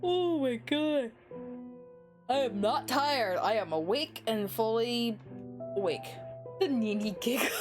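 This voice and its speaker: Giddy high-voiced young woman streamer. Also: takes it slowly, long pauses, music in the background. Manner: excitable, giggly, swearing, dramatic. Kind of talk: casual livestream chat.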